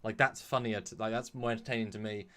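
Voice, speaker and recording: A man's voice: on the low side, fast talker. A man chatting casually as a guest on a live stream about his fan films, rambling with frequent laughs and restarts. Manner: rambling, animated, laughs often.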